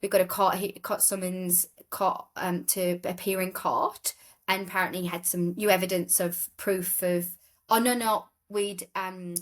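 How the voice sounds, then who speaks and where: A woman's voice: on the low side, little pitch movement, a little slow. A woman from England, a guest telling stories in a casual interview, rambling, with restarts and acting out other people's voices.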